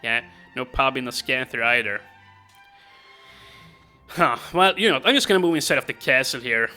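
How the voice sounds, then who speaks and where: A man's voice: medium pitch, animated, normal speed, sharp tone, soft background music. A man casually commenting on his gameplay as a let's play host, rambling with many fillers and chuckles.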